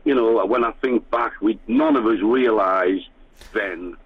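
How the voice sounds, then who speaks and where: A man's voice: on the low side, unhurried, husky, no echo. An older man from England, a former band musician, reminiscing in a radio interview, rambling with many fillers and restarts. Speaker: guest musician. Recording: tinny phone-line radio sound.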